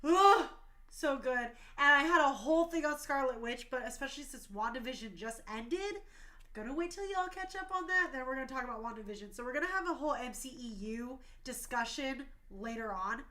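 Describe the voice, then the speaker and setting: A woman's voice: high voice, lively intonation, a little fast, pushed and bright. A woman in her thirties hosting a talk show stream, speaking passionately and emotionally, tearful at times.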